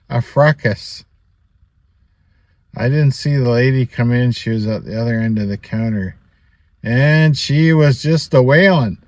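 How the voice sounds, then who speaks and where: Speaking to camera in a mid-range, darkish voice with vocal fry and a dry recording, a male vlogger rambles through a personal story. His chatty telling is sprinkled with asides, small laughs and "you know."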